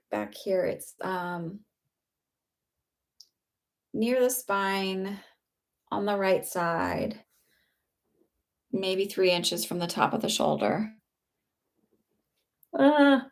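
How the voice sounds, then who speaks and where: A woman doing a live psychic medium reading, chatty and halting, with frequent fillers and laughter. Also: mid-range voice, animated.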